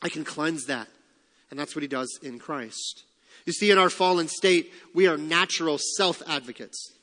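A man's voice: fairly high pitch, normal speed, bright, forceful tone, big-room sound. A man preaching a sermon in a conversational way, posing rhetorical questions and slipping in humorous asides. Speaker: pastor.

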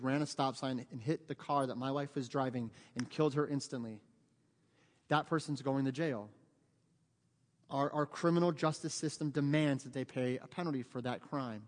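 A middle-aged man from the United States, a pastor preaching a sermon in an earnest, pleading way that builds to emphatic peaks. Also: on the high side. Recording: long church hall reverb.

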